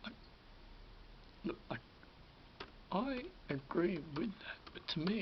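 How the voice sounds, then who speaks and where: A man's voice: high voice, animated, normal speed, pauses often, a little hiss or hum. A man of about fifty, telling a rambling personal story with restarts and sudden drops into a whisper. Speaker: vlogger recalling film work. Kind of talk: casual anecdotal monologue. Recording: dull lo-fi recording.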